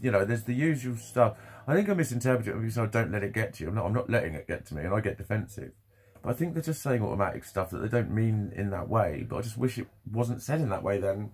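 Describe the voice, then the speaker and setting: A man's voice: on the low side, darkish tone, husky. A young man talking candidly in a rambling, sweary vlog monologue, laughing often.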